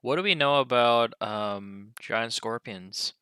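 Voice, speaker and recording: Guy with a bright voice playing dnd, asks lots of questions, dry close mic. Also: medium pitch, slow, smooth, dry recording. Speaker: player. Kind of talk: casual tabletop game chat.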